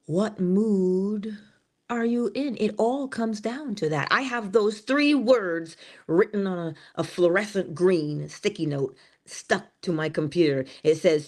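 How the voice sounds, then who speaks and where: A woman's voice: mid-range voice, slow. A woman hosting a morning inspiration stream, giving a motivational talk with emphasis, dropping to a whisper on key phrases and acting out little scenes. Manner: animated, laughs and acts out little scenes.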